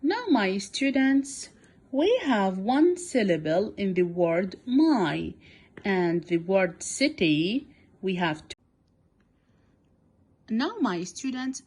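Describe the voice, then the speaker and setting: A woman whose native language is Arabic teaches English to young children, speaking deliberately in a medium pitch and repeating words for beginners. There's a slight background noise.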